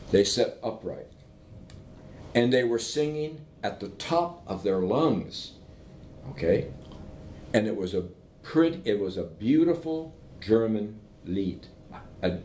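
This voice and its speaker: An invited professor addresses a group of entrepreneurs, telling animated anecdotes in a conversational way and repeatedly checking in with an "okay?". His voice sits in a roomy, echoing space with a faint rumble underneath.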